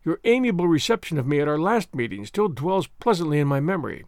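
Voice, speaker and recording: A mischievous young noblewoman speaks with arch, demure playfulness, as a male narrator puts her on. Her lines rise and dip with lively variety, close and dry. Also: fairly high pitch, fast talker, no echo. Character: witty, mischievous aristocratic young lady.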